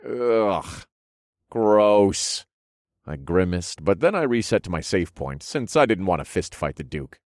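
A man reading first-person fantasy audiobook narration in an expressive, wry storytelling manner. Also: deep voice, brisk, few pauses, no room sound, clean studio sound.

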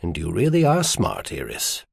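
A grave middle-aged earl speaks gently and somberly, weighing each word, as a man voices him in an audiobook. His voice moves expressively in pitch. The sound is dry and close. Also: wildly swooping pitch, moderate pace, creaky, slightly rough, no room sound, heavily acted. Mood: gentle. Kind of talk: audiobook character voice.

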